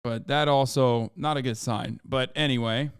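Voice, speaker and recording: A man's voice: medium pitch, normal speed, clear, resonant tone, no room sound. Streamer guy reacting to a clip, swears a lot, gets hyped, super clean dry mic. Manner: animated, profane, mocking asides. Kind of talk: casual reaction commentary.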